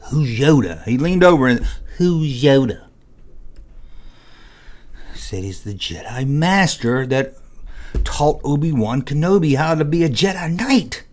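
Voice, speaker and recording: A man hosting his own video, telling a story casually and acting out scenes with sound effects. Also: medium pitch. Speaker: vlog host.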